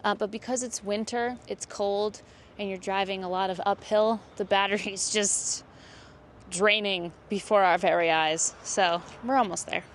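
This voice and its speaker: A woman's voice: mid-range voice, fairly even intonation, a little slow. Young woman vlogger, bubbly and giggly, talks straight to a handheld camera, faint noise behind. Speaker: lifestyle vlogger. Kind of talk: casual vlog talk to camera. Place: on the road and around town, in and out of doors.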